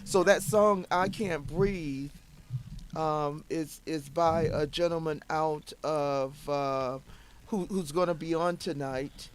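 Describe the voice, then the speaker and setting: A woman hosting an internet radio show in casual talk, sounding low and saddened, hesitant and full of fillers. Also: fairly even intonation, slow. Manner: subdued, hesitant, many fillers.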